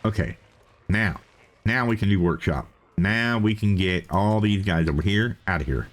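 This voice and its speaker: A man's voice: lowish voice, moderate pace. A man giving casual, chatty commentary as he plays a game, thinking aloud and repeating himself. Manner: playful self-talk. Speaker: let's play host.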